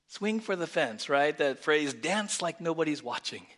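A male pastor preaching a lively sermon, swinging from loud exclamations to hushed near-whispers and calling for congregation responses. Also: on the high side, normal speed, few pauses. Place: church.

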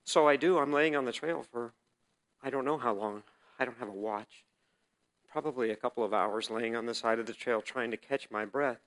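A man with a medium-pitched voice preaches his personal testimony as a sermon, telling the story vividly as his delivery swings between loud and hushed.

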